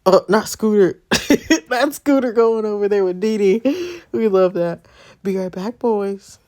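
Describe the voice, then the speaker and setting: A woman's voice: mid-range voice, lively intonation, unhurried, mellow. A woman chatting playfully while she plays through a romance story game. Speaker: gamer. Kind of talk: let's play commentary.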